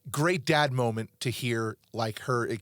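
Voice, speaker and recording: A middle-aged man hosts a relaxed podcast conversation, telling personal stories in a rambling, earnest manner. His voice sits at an average pitch and sounds dry and close to the mic. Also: unhurried, dry recording. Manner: rambling, earnest storytelling with many restarts. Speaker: podcast host. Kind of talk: casual podcast chat.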